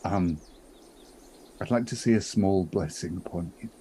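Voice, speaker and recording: A man voicing a flattering dwarf cleric who butters up a captor with courtly praise. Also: deep voice, slight background noise, voice pushed down. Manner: fawning, quick courtly flattery.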